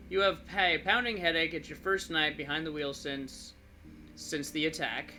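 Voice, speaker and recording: A man's voice: on the high side, fairly even intonation, normal speed, bright, forceful tone, a little hiss or hum. Joking man reading a game aloud. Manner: jokey, offhand asides. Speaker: gamer narrating a game. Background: game music.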